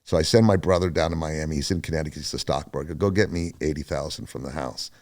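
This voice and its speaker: An older man, a podcast guest, telling a story casually, animated and profane. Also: a bass voice, fast.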